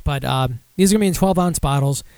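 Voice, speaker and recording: A man's voice: a little high, fast talker, vocal fry, a little mellow, clear, resonant tone, no echo. A young man hosting a casual podcast, rambling and self-deprecating with lots of fillers while running through beer news. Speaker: podcast host.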